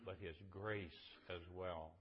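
A man's voice: deep voice, steady tone, slow pace, dull audio. A man preaching a sermon, retelling scripture in a conversational way and building to fervent emphasis.

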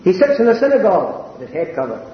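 An elderly male preacher gives an earnest sermon in a fairly high voice, building to impassioned peaks. His pitch swoops wildly and he speaks quickly. The recording is roomy and dull, with a lo-fi, echoing quality.

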